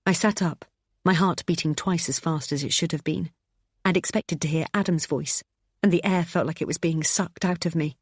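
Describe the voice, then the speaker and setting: Woman narrator, expressive and tense, dry close-mic read. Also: sits low, normal speed, slightly rough, dry recording. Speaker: audiobook narrator. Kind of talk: first-person thriller narration.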